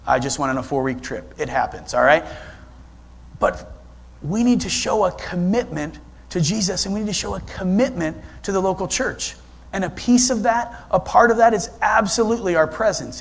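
A man's voice: high voice, normal speed, creaky. A middle-aged man, preaching a sermon in a conversational, storytelling way. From Ohio, USA. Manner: storytelling, conversational, with frequent restarts. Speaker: guest pastor.

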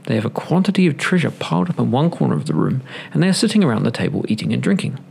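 Old donkey, kindly leader, gravelly and calm, read by a male storyteller. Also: mid-range voice, racing, slight background noise.

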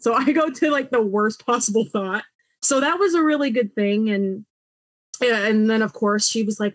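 Young woman guest, lively storyteller, close dry mic. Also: mid-range voice, dry recording. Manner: animated, laughs often, acts out quoted voices. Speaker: podcast guest, artist. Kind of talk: personal storytelling in a podcast interview.

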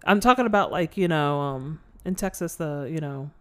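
A woman's voice: sits low, normal speed, clear, resonant tone. A woman co-hosting a podcast, chatting casually about a movie and acting out lines from it. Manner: animated, acts out quotes, laughs often. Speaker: podcast co-host. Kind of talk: casual chat recapping a movie.

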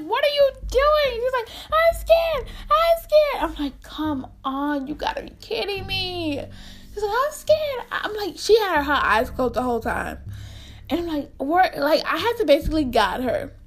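A young woman casually telling a storytime to her viewers, animated and repetitive, acting out the people in it. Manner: animated, repeats herself, acts out quotes in squeaky voice. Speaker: storyteller vlogger.

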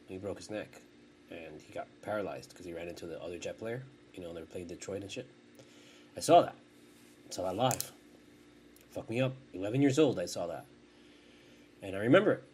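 A man in his forties hosts a podcast with a low, darkish voice and a slight hiss or hum in the audio. He chats casually and rambles, swearing often and breaking off his own thoughts midway.

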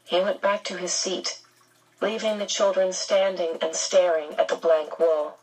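A woman reads an audiobook slowly and steadily, in a measured storytelling voice. Her tone is breathy and soft-edged. She sits somewhat back from the mic. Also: on the low side, fairly even intonation, far from the mic, poor audio. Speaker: narrator. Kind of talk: audiobook narration.

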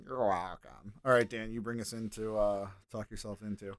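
A man's voice: fairly low pitch, steady tone, moderate pace. A man hosting a podcast in casual chat, bossy and full of crude joking banter on the mic. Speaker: podcast host. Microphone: podcast microphone.

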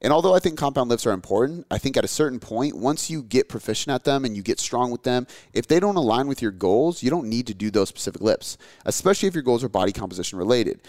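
A man's voice: mid-range voice, expressive, fast talker, hardly any pauses, a little mellow, no room sound, studio quality. A man in his thirties chatting casually as a podcast host, rambling and candid, swearing often with lots of fillers. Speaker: podcast host answering listener questions. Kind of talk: casual chat.

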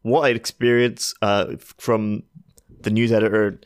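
A man's voice: lowish voice, little pitch movement, measured pace, clean tone. Wry, teasing man hosting a podcast. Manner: wry, teasing, keeps the show moving. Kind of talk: casual banter with friends.

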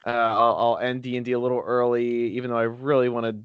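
A man's voice: mid-range voice, level tone, fast talker, smooth, no echo, highs cut off. A man telling a story in casual chat, sarcastic and exasperated, acting out what people said.

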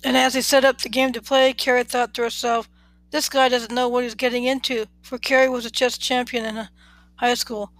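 This is a podcast host reading a romance story aloud at an unhurried pace. The pitch sits in the middle of the range, and the recording is dry and close with no room sound. Small slips come through now and then in the plain, even read. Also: no room sound, low-quality recording.

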